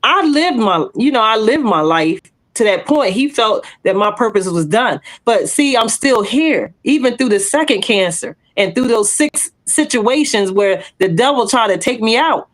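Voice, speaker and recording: A woman's voice: on the high side, normal speed, few pauses. A woman, sharing her testimony in casual chat as a podcast co-host. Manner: animated storytelling, acts out quoted voices; bold testimony.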